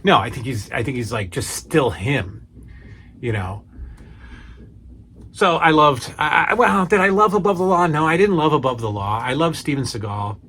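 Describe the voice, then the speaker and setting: A man's voice: mid-range voice, big pitch swings, unhurried, pauses often, pushed and bright, a little hiss or hum. A man casually talking to camera, rambling with lots of fillers and restarts. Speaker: movie collection vlogger.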